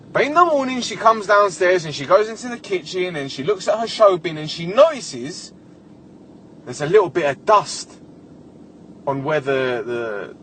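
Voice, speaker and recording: A young man rants through a comic story as a solo podcast host, swearing freely and sounding exasperated. His voice sits high and swings widely in pitch as he talks. A faint noise hums in the background. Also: pushed and bright.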